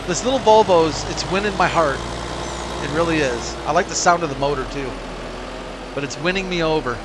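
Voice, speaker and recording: A man with a slightly high voice gives relaxed gameplay commentary, wondering aloud and chuckling to himself. Game engine noise rumbles clearly underneath his voice. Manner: chatty, laughs to himself, muses aloud. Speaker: let's play host. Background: tractor and engine sounds from the game.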